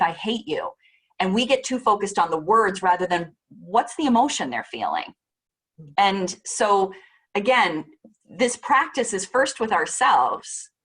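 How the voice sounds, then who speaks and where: A middle-aged woman gives a relaxed presentation in an easygoing, conversational way. Her voice sits at an ordinary middle pitch, and she slips in filler words and short voiced quotes as she goes. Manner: chatty, warm-hearted, lots of fillers and voiced quotes. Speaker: parenting speaker presenting a talk. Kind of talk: casual presentation.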